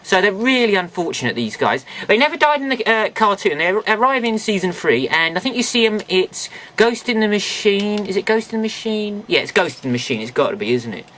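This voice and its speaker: A man talks through old toys in a casual home vlog. His voice is bright and sharp, and it swings widely up and down. He grumbles frankly and pokes fun at himself. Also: high-pitched, very animated, fairly quick, few pauses, a little hiss or hum. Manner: grumbling, frank and self-mocking. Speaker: toy reviewer.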